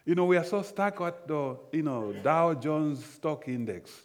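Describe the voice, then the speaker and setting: A man delivers a sermon at an unhurried pace, leaning on repeated phrases for emphasis. His voice sits somewhat high for a man. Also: expressive. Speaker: preacher.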